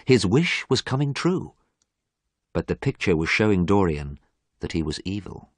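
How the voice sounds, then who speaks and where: A man reads a story aloud for English learners in a slow, clear storytelling voice. His voice is very low yet moves expressively up and down. The recording is close and dry, with no room sound. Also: sing-song, no room sound. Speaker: narrator.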